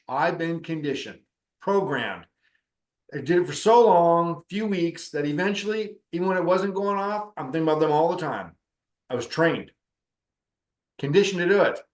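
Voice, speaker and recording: A middle-aged man with a slightly high voice tells a story about spiritual practice in a relaxed, conversational way. He drifts into the voices of the people in his story as he goes. The recording has a noticeable roomy echo. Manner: conversational, acts out quoted dialogue. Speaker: spiritual teacher and counselor.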